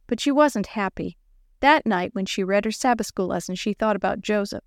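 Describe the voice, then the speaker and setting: A woman reads a children's story aloud at a middle pitch, gently expressive as she voices each character. The recording is close and dry, with no room sound. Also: moderate pace, creaky, dry recording.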